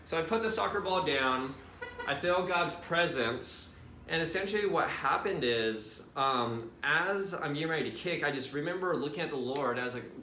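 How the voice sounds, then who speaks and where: Bright-voiced young man telling a testimony. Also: on the high side, normal speed, echoey room, slight background noise. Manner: casual and animated, addresses viewers directly with "right?" and "you guys". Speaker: Christian vlogger. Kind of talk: personal testimony storytelling.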